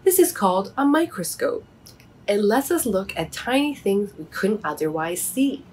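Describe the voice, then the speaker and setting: A woman voicing a kind, patient old male owl who explains things gently and steadily in a children's storybook reading. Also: mid-range voice, sing-song, moderate pace, slight background noise, natural voice. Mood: kindly.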